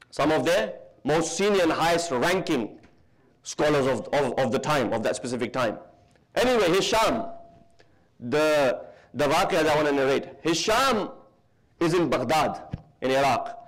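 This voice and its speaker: Preaching in a large hall, a UK man with a fairly high voice tells his story with lively emphasis. He slows down to stress key points and mixes in Arabic terms.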